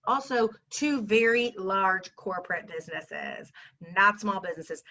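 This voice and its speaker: A woman's voice: medium pitch, expressive, a little slow, bright, forceful tone. A woman, a teacher and mother telling a casual storytime to camera in a sassy, exasperated way. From Texas. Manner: sassy, exasperated, talks straight to viewers. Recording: slightly dull lo-fi recording.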